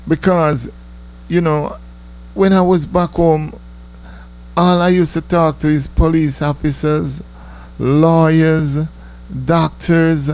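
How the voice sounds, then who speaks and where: A man, telling stories in a casual, animated monologue that he breaks with laughs. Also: slow, pauses often. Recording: low mains hum.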